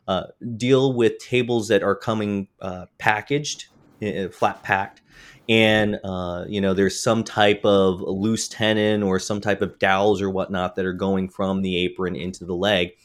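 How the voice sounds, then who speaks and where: 低い声で話す男性. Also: male voice, fairly low pitch, fairly even intonation, unhurried. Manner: hesitant, many fillers and restarts. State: has the hiccups. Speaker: podcast co-host. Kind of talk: casual chat.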